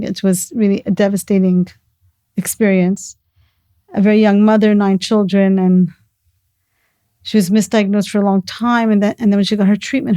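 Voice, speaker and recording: Woman, middle-aged, earnest storyteller, mellow, dry sound. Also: mid-range voice, dry recording. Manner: earnest, storytelling, sprinkles Hebrew and Yiddish words. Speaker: guest, mother of the host. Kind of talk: casual conversation.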